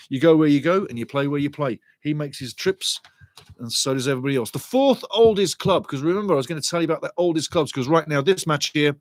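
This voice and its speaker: A man hosting a live football watchalong, giving rambling, chatty match commentary and shouting out to viewers in the chat. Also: on the high side, dry recording. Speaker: watchalong host.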